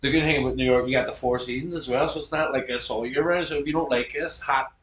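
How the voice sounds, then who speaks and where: Fast-talking man in his thirties. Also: mid-range voice. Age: 30s. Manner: swears a lot, rambling and animated. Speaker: podcast guest. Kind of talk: casual chat. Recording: echoey room with faint background noise.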